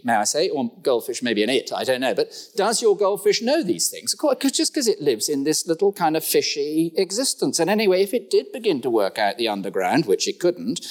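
A middle-aged man preaching a sermon in a church, with humorous asides and sudden jumps in pitch.

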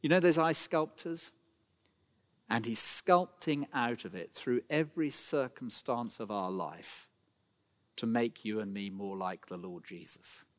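A middle-aged male pastor delivers a sermon in an earnest, pleading tone that swells into fervent emphasis. His voice sits at an ordinary middle pitch. It carries a long reverb, as if spoken across a large church. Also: a little slow.

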